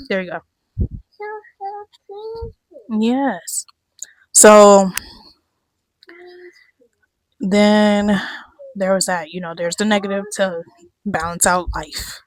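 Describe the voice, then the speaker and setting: A young woman chatting casually to camera about her year, candid, swearing freely and laughing often, her voice going hoarse. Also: mid-range voice, no echo. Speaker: vlogger.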